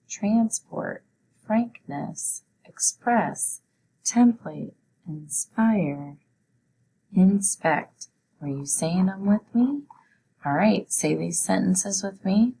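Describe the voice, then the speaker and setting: A woman teacher leading a spelling lesson for children, sounding out words and letters slowly and deliberately. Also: lowish voice, gravelly, a little mellow, a little hiss or hum.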